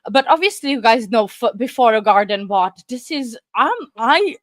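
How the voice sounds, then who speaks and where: A woman's voice: fairly high pitch, animated, moderate pace, dry recording, clean studio sound. A woman hosting a true crime channel, out of breath and flustered, rambling to her viewers with nervous laughs. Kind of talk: casual chat to viewers.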